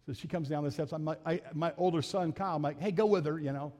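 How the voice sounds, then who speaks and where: The recording comes from a reverberant church hall with faint music in the background. There a middle-aged pastor, his voice on the high side and a little mellow, speaks fast with fairly even intonation, acting out voices as he recounts a family story in a homespun sermon.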